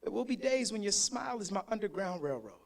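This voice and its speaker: A man's voice: high-pitched, big pitch swings, quick pace, vocal fry. A man performing spoken word on a live stage, joking and swearing between rhythmic, punchy lines of poetry. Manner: profane, joking, rhythmic delivery.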